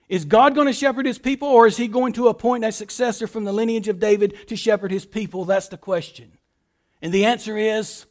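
A male pastor preaching a sermon, reading scripture aloud and explaining it with emphatic rhetorical questions, often dropping to a hushed voice at the ends of phrases. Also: extremely high pitch, fairly quick.

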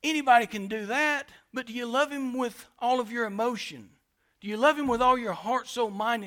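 A man preaching a sermon as pastor to his congregation, emphatic, with sharp swings between loud and quiet delivery. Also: high voice. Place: church sanctuary.

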